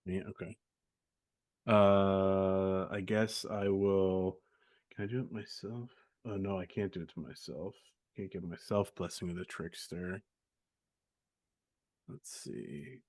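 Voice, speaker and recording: A man's voice: sits low, takes it slowly, long pauses, a little mellow, no room sound. A man playing a tabletop game, rambling and hesitant. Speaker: player.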